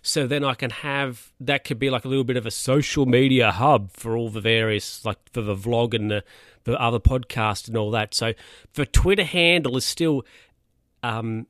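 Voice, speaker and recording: A young Australian man hosting his own podcast, talking casually in a relaxed, rambling way with lots of fillers and restarts. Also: mid-range voice, normal speed, no room sound, clean studio sound. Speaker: podcast host. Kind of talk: casual solo podcast chat.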